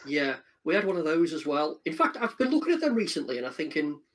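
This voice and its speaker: A man in his forties with a husky, somewhat high voice tells relaxed, nostalgic stories as a stream guest. He drifts along with the odd um and sidetrack. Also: fast. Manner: nostalgic storytelling, relaxed, with ums. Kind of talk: casual reminiscing chat.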